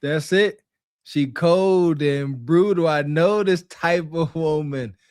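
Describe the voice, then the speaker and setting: High-voiced man mocking with laughs. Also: takes it slowly, a little mellow, clean tone, dry recording, studio quality. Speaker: co-host reacting to a clip. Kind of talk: casual podcast reaction chat.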